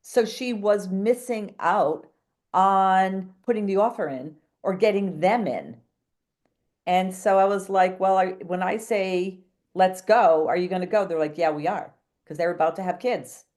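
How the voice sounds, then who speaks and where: Guesting on a podcast, a New England woman who works in real estate spins a long, animated story, chatty and hopping between thoughts as she acts out quoted dialogue. Her voice is medium-pitched, unhurried and darkish.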